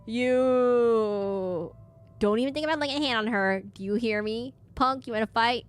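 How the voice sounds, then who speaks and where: A woman's voice: fairly high pitch, measured pace, smooth, soft background music, close to an everyday voice. A woman voicing a determined, protective teenage boy protagonist, earnest and defiant, in a horror game. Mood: defiant uneasy. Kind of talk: game dialogue voiced by a streamer.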